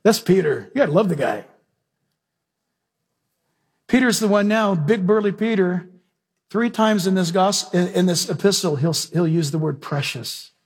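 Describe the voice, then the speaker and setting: A man's voice: sits high, lively intonation, normal speed, pauses often, breathy edge. A man preaching a sermon emphatically, often asking the congregation questions.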